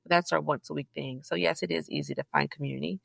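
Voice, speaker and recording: A woman from Southeast Georgia, a guest in a casual interview, telling stories in an animated, emphatic way with sudden high, loud bursts. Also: fast, gravelly, no echo. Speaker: podcast guest, librarian.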